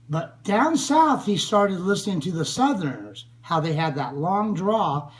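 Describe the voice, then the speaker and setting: An older man from the United States, speaking in an earnest, grieving tribute to a friend who was killed, with long pauses. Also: fairly high pitch, poor audio. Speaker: friend speaking about a slain friend. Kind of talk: spoken tribute.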